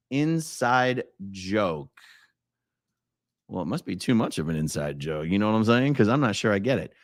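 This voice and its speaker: Man, live streamer, rambling casual chat, low voice, dry close sound. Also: very animated, moderate pace, dry recording. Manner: rambling, self-correcting, laughs often.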